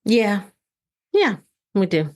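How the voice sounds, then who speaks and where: A woman's voice: medium pitch, sing-song, takes it slowly, darkish tone. A woman from the United States hosting a podcast, chatting casually with her son, encouraging him with open questions and frequent affirming murmurs. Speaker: podcast host and mother.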